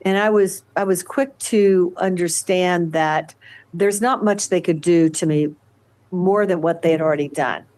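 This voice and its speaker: Older woman, halting interview guest. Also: fairly low pitch, a little mellow. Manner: halting, many fillers and restarts. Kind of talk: conversational interview.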